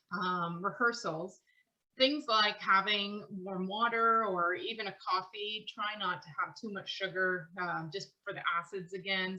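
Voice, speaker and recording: A woman's voice: medium pitch, sharp tone, highs cut off. A woman teaching a vocal class, talking in long run-on phrases and laughing between thoughts. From Canada. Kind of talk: online class lecture.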